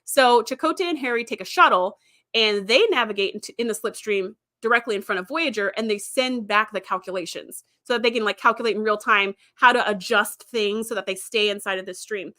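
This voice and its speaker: A woman's voice: medium pitch, brisk, sharp tone. A woman host recapping episodes in a chatty way, with fillers and quoted lines acted out. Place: streaming setup.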